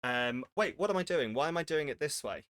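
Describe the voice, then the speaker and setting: Young male streamer, bright tone, rambling and self-deprecating, casual desk-mic chat. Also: fairly high pitch, lively intonation, brisk. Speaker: charity streamer. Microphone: desk microphone.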